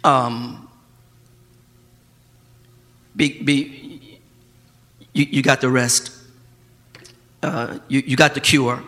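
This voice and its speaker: A male pastor, preaching a sermon that swings from quiet, close talk to shouting. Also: mid-range voice, fairly even intonation, extremely slow, pauses often, long reverb tail.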